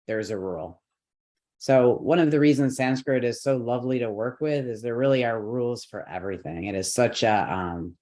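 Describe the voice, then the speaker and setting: A man's voice: mid-range voice, darkish tone. A man teaching a chant lesson online, explaining the rules patiently step by step, with light laughs now and then. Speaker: yoga and mantra teacher.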